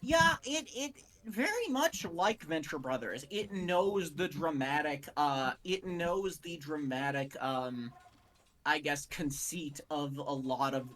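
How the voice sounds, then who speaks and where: Young male co-host, animated rambler, bright tone. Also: fairly high pitch. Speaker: podcast co-host. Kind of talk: casual chat.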